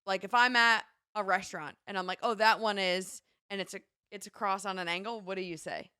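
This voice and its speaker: A woman co-hosts a morning radio show in a teasing, lively way, reading listener texts aloud between jokes. Her voice is bright and forward, recorded close and dry in a studio with no room echo. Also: mid-range voice, brisk, clear, resonant tone. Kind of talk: casual morning-show banter.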